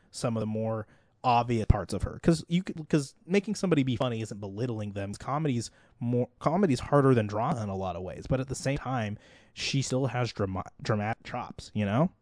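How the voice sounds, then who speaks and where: A man's voice: medium pitch, fairly quick, darkish tone, dry recording, studio quality. A man, co-hosting a casual podcast about movies, talking in a loose, rambling way full of "like". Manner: rambling, heavy on "like" fillers. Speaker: podcast co-host.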